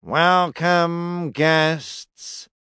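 A pompous male temple tender from an audiobook fantasy, intoning every word slowly in a flat, vaguely nasal monotone, as a male narrator puts him on. He sounds self-important and solemn, in a dry, close recording. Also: a little high, clean tone, no room sound, voice pushed up, full character voice.

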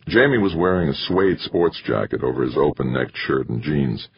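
A man narrating an audiobook in a measured, steady storytelling manner. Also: a bass voice, vocal fry, husky, no echo. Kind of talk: scripted narration. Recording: dull lo-fi recording.

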